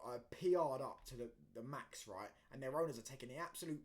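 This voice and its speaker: A man's voice: medium pitch, fast. A man, hosting a football talk show and ranting casually, with plenty of fillers, restarts and heated outbursts. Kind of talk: casual opinion rant.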